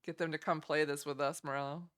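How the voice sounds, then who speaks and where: A woman's voice: low-pitched, fairly even intonation, fast talker. A young woman streaming, chatting casually and giggling as she reacts to game trailers. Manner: chatty, giggly, easily delighted.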